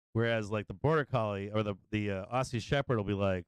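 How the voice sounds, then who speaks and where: A man's voice: on the low side, fast, few pauses, clean tone, no echo. A man hosting a livestream, telling rambling stories in casual chat, swearing and laughing often. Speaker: livestream host.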